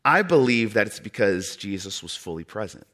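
A man preaching a sermon in an earnest way, with dramatic pauses and soft drops in his voice. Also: on the low side, sing-song.

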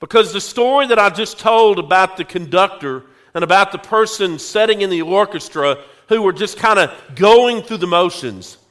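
A male pastor preaching a sermon, telling a story slowly and speaking directly to his congregation. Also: sits high, a bit bright. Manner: slow, drawn-out storytelling, addressing the congregation directly.

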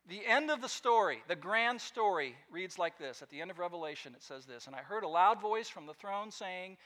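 A man preaching a sermon as pastor in a church, emphatic, swinging from quiet asides to loud, ringing lines. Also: on the high side.

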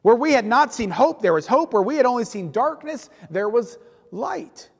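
A man's voice: very high voice, lively intonation, moderate pace, vocal fry. A male pastor preaching a sermon in a church, telling the story with animation and dropping at times to a near-whisper. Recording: long reverb in a large hall.

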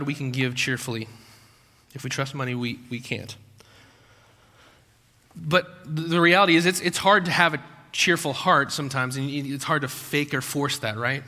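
A man's voice: a little high, normal speed, pushed and bright. A man preaching a sermon in a conversational way, full of rhetorical questions and acted-out quotes. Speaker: pastor. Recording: long hall reverb.

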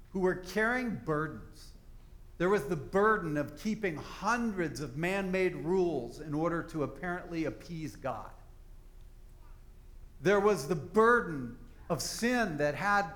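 A man's voice: high voice, a bit bright. A man preaching a sermon to his congregation in a conversational, folksy storytelling manner. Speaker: pastor. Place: church service.

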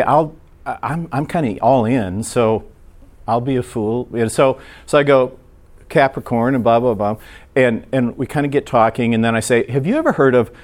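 A man giving a sermon, telling a story from his week in an easygoing, chatty way. He slips into the voices of the people he quotes and keeps the talk lively. His pitch sits in the middle range for a man. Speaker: preacher.

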